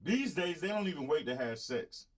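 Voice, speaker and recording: A man's voice: on the high side, animated, normal speed. Blunt man preaching to his viewers. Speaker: show host. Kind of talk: casual live-stream talk.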